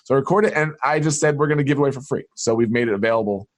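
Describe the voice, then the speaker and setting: A man from New York, a podcast guest telling personal stories in an animated way and acting out the dialogue. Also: mid-range voice, rapid-fire. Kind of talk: storytelling interview.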